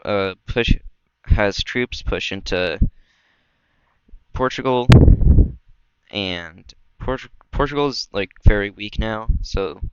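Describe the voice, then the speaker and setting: A young man casually narrating a map war scenario, rambling with many fillers and self-corrections. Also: a little hiss or hum. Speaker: mapping video creator. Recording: dull low-quality mic, dry.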